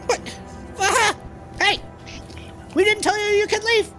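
Frog guard in conquistador armor, pompous and blustering, high squeaky voice with wild swoops, flusters fast; a man puts it on for a tabletop game. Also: very animated, pushed and bright, faint music behind, full character voice. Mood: panicked.

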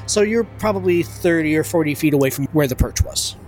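A man's voice: a little high, brisk, darkish tone, soft background music. A man acting as game master, describing scenes in a tabletop game with frequent restarts.

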